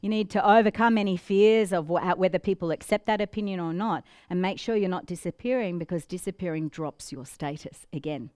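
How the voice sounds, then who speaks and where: A woman presenting a business training talk to an audience. She talks in a lively, demonstrative way and breaks into playful giggly impressions to make her points. Her voice sounds dry and close, with no room echo around it. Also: lowish voice, brisk, few pauses. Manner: demonstrative, acts out examples with giggles.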